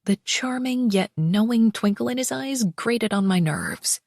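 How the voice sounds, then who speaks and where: A woman narrating a first-person romance audiobook in an expressive, wry way on a close mic. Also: fairly high pitch, a little slow, vocal fry, no echo.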